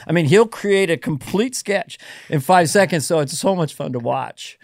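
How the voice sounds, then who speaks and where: A man chatting on a podcast with an animated, playful delivery, tossing in quick voices and sound effects as he talks. His voice sits at an ordinary pitch and is recorded close and dry, with no room sound. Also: vocal fry, no room sound. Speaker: podcast guest, comedian. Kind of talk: casual comedy chat.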